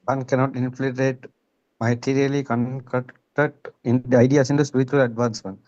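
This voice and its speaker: A man with a mellow voice of middle pitch, answering in short deferential replies and reading aloud. The sound is dull and lo-fi. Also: flat delivery, moderate pace.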